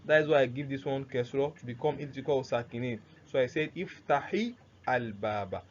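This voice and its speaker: A man teaching Arabic grammar in a recorded lesson, often asking rhetorical questions and repeating words slowly. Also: medium pitch, steady tone. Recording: dull lo-fi recording with faint noise.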